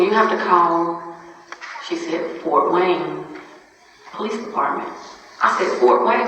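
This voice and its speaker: A grieving mother in her forties giving a halting, repetitive account in a church, acting out the dialogue of the people she talked to. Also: sits low, a bit bright, slight background noise. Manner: halting, repeats herself, speaks out quoted dialogue. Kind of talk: emotional spoken testimony. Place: church hall. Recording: echoey hall, distant, dull sound.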